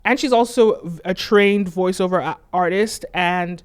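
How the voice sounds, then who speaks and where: A woman's voice: on the low side, measured pace, smooth. A woman hosting her channel, explaining things in casual commentary and leaning on filler words like "right?" and "like". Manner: conversational, leans on "right?" and "like". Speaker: channel host.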